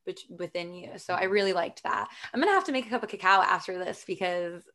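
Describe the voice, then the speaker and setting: A woman's voice: on the low side, lively intonation, quick pace, fairly bright tone. A woman hosting a podcast interview, enthusiastic and affirming, with many fillers. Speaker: podcast host. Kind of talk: casual interview.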